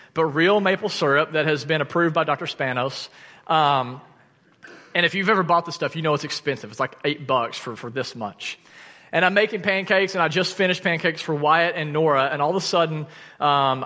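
A man in his thirties preaching a sermon, telling a personal story in an earnest, animated way that falls to quiet intensity. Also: a little high. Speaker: pastor. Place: church sanctuary. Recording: church hall reverb.

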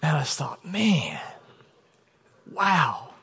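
A man in his thirties, a pastor, preaching a sermon in a chatty storytelling way, often dropping to a soft low voice for emphasis. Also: wildly swooping pitch, drawn-out words, creaky, slightly rough. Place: church sanctuary. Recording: long reverb of a church hall.

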